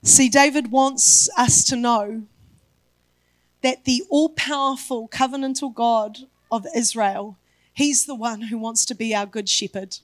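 High-voiced woman preaching a sermon. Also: steady tone, a little slow, no room sound. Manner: emphatic preaching with building repetition. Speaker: pastor.

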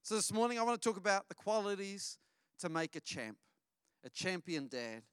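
A man's voice: high voice, moderate pace, clean tone, no echo, studio quality. A middle-aged man, preaching a sermon and telling family stories while asking the congregation questions. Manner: storytelling, lively with audience questions. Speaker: pastor. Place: church.

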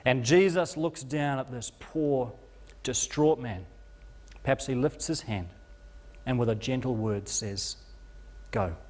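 A man's voice: mid-range voice, unhurried, darkish tone. Male preacher retelling in an echoing hall. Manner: vivid retelling that rises and falls in intensity, with stumbles. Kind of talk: dramatic sermon storytelling.

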